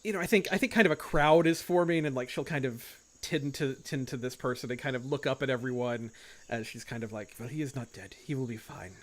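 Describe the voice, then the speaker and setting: A man's voice: mid-range voice, a little fast. A man running an online tabletop game as game master, narrating loosely with lots of "like" and "kind of". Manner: loose and rambling, full of "like" and "kind of".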